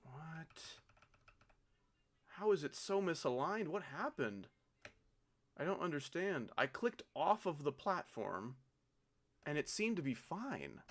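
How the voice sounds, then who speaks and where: A man commenting on his own gameplay, venting in swearing, disbelieving questions. His voice jumps from high, loud outbursts down to low, quiet grumbles. He talks at an unhurried pace even while upset. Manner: exasperated, swearing, incredulous questions. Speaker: gaming streamer. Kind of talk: frustrated live gameplay commentary.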